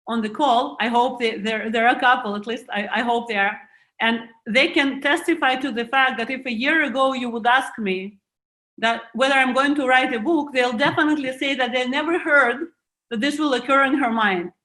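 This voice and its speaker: A woman's voice: sits high, fairly bright tone. A woman in her forties with a Russian accent, speaking as a guest author in a reflective conversation and searching for words with frequent restarts. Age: 40s. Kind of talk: video call conversation.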